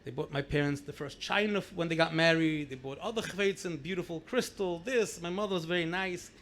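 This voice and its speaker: A middle-aged man, a rabbi, telling family stories in a lively anecdotal way, repeating words for emphasis. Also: a little high, fairly quick, a little hiss or hum. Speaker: rabbi sharing memories at a gathering. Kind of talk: storytelling speech.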